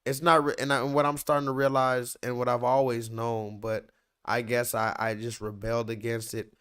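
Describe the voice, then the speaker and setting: Profane, animated livestream host. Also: male voice, medium pitch, moderate pace, clear, resonant tone. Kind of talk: casual livestream commentary.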